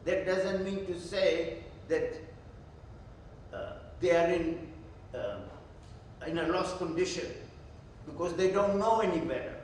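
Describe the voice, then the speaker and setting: Slow, high-voiced preacher in an echoey hall. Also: male voice, darkish tone, distant mic, a little hiss or hum. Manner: emphatic, asks and answers his own questions. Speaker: pastor. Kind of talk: Bible study teaching. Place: church hall. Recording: very echoey church hall, from afar.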